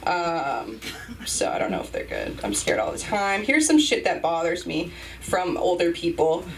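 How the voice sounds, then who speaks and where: A woman's voice: on the low side, very animated, moderate pace, far from the mic. A young woman hosting an open mic, doing a loose, rambling, self-mocking stand-up set with sudden yelps. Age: young adult. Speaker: open mic host and comedian. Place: comedy club stage. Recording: noisy room, voice from off mic.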